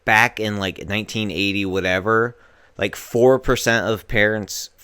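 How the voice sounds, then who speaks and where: A man's voice: fairly low pitch, steady tone, unhurried, pushed and bright, smooth, dry recording, clean studio sound. A man in his thirties co-hosting a podcast in casual chat, laid-back and joking. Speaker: podcast co-host.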